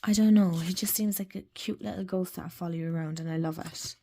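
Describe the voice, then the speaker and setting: Irish woman rambling on about card decks, all gushy and chatty, voice sits a bit low. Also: fairly even intonation, fairly quick, vocal fry, mellow. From Ireland. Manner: gushing, chatty, rambling with fillers. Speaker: tarot and oracle deck channel host. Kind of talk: casual deck review chat.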